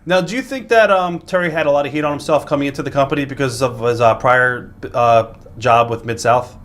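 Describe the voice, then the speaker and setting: A man interviewing a guest, asking questions with filler pauses. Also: mid-range voice, a bit bright.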